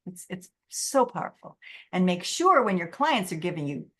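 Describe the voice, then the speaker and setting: A middle-aged woman giving a motivational webinar talk, acting out quotes in an animated way. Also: fairly low pitch, moderate pace, slightly rough. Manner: lively, animated, acts out quotes. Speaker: presenter.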